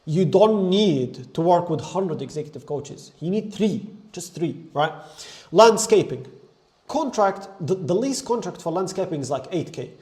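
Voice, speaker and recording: A man's voice: sits high, animated, a little slow, darkish tone. A young man coaching on business, talking energetically and emphatically, dropping "like" and "right?" all through. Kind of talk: motivational business talk to camera.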